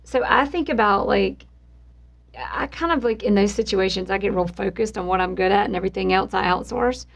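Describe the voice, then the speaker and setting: A woman's voice: medium pitch, brisk, vocal fry. A woman hosting a podcast interview, asking long winding questions with a joking, curious manner. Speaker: podcast host. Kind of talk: conversational interviewing.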